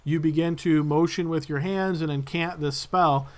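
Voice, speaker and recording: A man's voice: a little high, fairly even intonation, moderate pace, a little mellow. A man running a tabletop game as game master, explaining rules and narrating at an easy pace.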